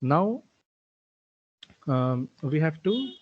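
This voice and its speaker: A man's voice: fairly high pitch, big pitch swings, extremely slow, slightly rough, no room sound. A man giving a recorded programming lecture, explaining step by step with frequent "okay" and "uh" fillers. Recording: dull, lo-fi dry recording.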